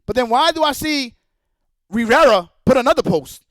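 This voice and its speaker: A man with a very high voice rants at a streaming audience, angry and cursing as he hammers the same points again and again. The sound is dry and close, with no room around it. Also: animated, normal speed, a bit bright, dry recording. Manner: angry, profane, repetitive. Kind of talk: heated rant.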